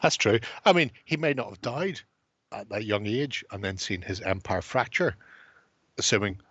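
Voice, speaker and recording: Sweary, rambling man, low and dry. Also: lively intonation, moderate pace, a bit bright, slightly rough, no room sound, muffled recording. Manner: sweary, rambling, laughs often. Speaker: co-host of a hobby stream. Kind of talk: casual late-night chat.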